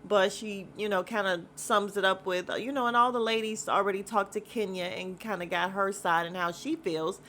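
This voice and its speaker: A woman at a middle pitch hosts a casual recap podcast. She talks bluntly and gossips freely, mixing in slang and cursing. Her talk rambles with plenty of fillers. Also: steady tone, moderate pace, hardly any pauses, fairly bright tone, slight background noise. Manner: chatty and rambling, with frequent fillers. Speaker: podcast host recapping a reality show.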